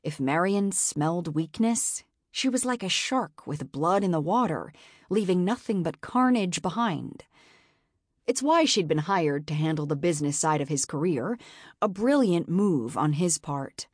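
A woman narrating a novel in a measured, expressive audiobook style. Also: on the low side, no room sound, studio quality. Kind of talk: scripted narration.

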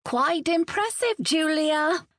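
Bright, admiring dockside woman calling out, pitched well above the narrator, by a woman reader. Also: wildly swooping pitch, takes it slowly, dry recording, clean studio sound, exaggerated voice.

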